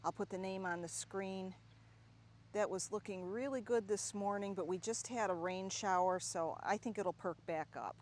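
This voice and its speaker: A woman's voice: mid-range voice, moderate pace, a little hiss or hum. Chatty woman touring her garden. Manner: chatty, enthusiastic about plants. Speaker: gardening vlogger. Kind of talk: casual garden tour narration. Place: outdoor home garden.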